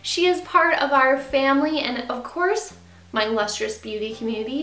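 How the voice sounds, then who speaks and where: A woman's voice: normal speed, a bit bright, reverberant, soft background music. Bubbly young woman vlogging at home. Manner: gushing, rises to high baby talk with the puppy. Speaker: beauty vlogger. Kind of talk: casual vlog chat. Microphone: camera with ring light.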